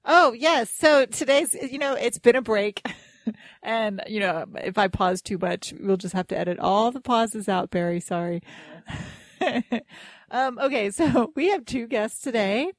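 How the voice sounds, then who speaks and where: A woman's voice: a little high, a little slow, no echo. A woman hosting a casual podcast chat, chatty and laughing often between her lines. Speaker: podcast host.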